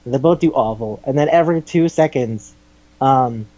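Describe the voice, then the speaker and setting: Man excitedly retelling a cartoon. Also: medium pitch, moderate pace, dry recording, dull audio. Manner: animated retelling with acted quotes, swears and laughs. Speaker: podcast host. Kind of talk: casual chat recapping an anime.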